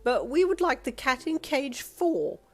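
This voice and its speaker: A woman's voice: high voice, sing-song, measured pace, gravelly, pitched above the performer's own voice, exaggerated voice. A woman voicing a snobbish, pompous older wealthy woman who speaks with disdain. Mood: cold, sneering.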